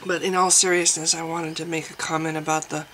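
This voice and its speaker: A woman's voice: low-pitched, flat delivery, fairly quick, a bit bright, a little hiss or hum, low-quality recording. A woman vlogger giving casual spoken commentary, thinking aloud with frequent restarts and hesitations.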